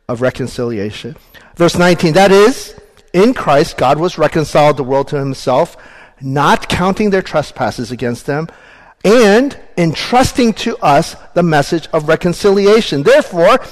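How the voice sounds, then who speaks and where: A man's voice: fairly high pitch, big-room sound. A man preaching a sermon as pastor, earnest and emphatic, reading scripture aloud.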